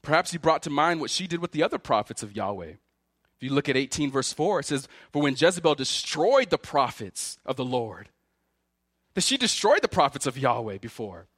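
A man's voice: medium pitch, a little fast, breathy edge, no room sound, clean studio sound. A man preaching a sermon, voicing the words of biblical figures with feeling. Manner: animated preaching, voices Elijah's and God's words with feeling. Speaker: pastor.

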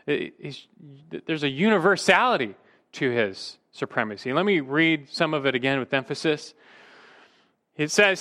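A man's voice: a little high, animated, normal speed, bright, forceful tone. A male pastor preaching a sermon emphatically, his voice rising and dropping for emphasis, sometimes restarting a word mid-phrase.

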